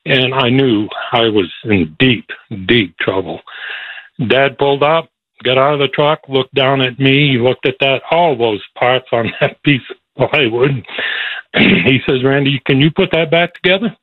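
A man's voice: medium pitch, measured pace, dry recording. A man telling a personal story as a phone-in guest, chuckling as he goes and moved at times. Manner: chuckling storyteller, gets emotional. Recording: tinny dry phone line.

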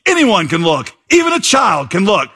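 A man voicing a thin, humble country lay preacher who shouts out his simple message in a drawn-out preaching cadence. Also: on the high side, lively intonation, exaggerated voice. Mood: fervent shouting.

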